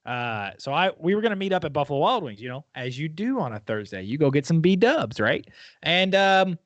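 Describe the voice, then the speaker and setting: A man, co-hosting a podcast and telling stories in a joking way, repeating words in quick bursts. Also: fairly high pitch, sing-song, no echo. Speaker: podcast co-host. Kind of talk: casual chat.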